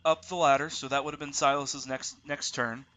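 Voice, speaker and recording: A man narrating as game master of a tabletop role-playing game, relaxed and thinking aloud as he goes. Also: mid-range voice, a little fast.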